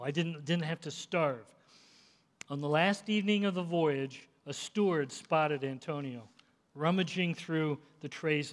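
A man preaching a sermon, impassioned, swelling and then dropping to a hush. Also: high-pitched. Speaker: pastor. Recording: long reverb in a large hall.

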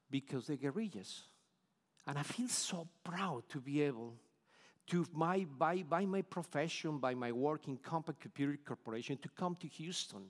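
Colombian pastor, middle-aged, Spanish-accented English, earnest and halting, fairly high voice, reverberant sanctuary. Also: male voice. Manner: earnest, repeats words while searching for phrasing. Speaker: preacher. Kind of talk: sermon. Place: church sanctuary.

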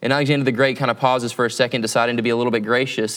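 A man's voice: medium pitch, racing, hardly any pauses, fairly bright tone. A man preaching as a campus pastor in a conversational sermon, often checking in with tag questions.

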